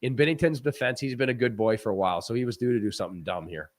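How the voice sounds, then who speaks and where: A man, a former hockey goaltender, talking hockey in a loose, animated way with frequent restarts and laughs. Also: mid-range voice, racing. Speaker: former goaltender, guest analyst. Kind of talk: casual post-game chat.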